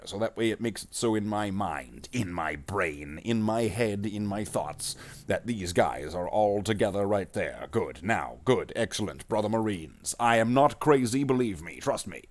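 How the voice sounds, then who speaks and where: A man streaming himself painting miniatures, chatting casually and jokily in a space marine persona and calling his viewers brothers. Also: fairly low pitch. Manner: rambling and jokey, calls viewers "brother Marines".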